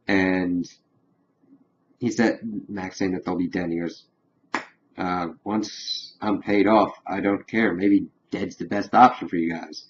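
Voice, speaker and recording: A man with a fairly low voice retells a TV episode in a loose, rambling way, leaning on "of course" and half-quoting the characters. The recording is dull and lo-fi, with a faint hiss underneath. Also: little pitch movement, unhurried. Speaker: TV episode reviewer. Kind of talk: casual recap of a TV episode.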